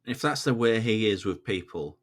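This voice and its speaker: A fairly low male voice chatting with a podcast host in a relaxed way. He often laughs between his remarks. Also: moderate pace. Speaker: podcast guest. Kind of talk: casual film discussion.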